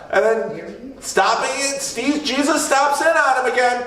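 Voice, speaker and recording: A man's voice: extremely high pitch, slow pace, a bit bright. A man preaching an informal, joking sermon as a pastor, acting out voices in his quotes. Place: church sanctuary. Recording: distant mic in a very echoey room.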